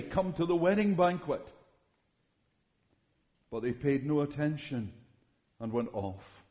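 A man reading Bible passages aloud in a measured, solemn way, pausing between phrases. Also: fairly high pitch, darkish tone. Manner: measured, solemn delivery with long pauses. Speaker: scripture reader. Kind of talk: slow, deliberate Bible reading.

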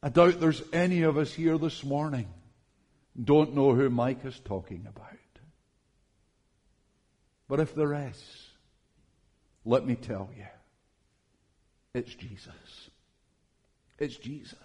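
A man preaching a sermon in church, slow and earnest, calling his listeners friends. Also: medium pitch, darkish tone.

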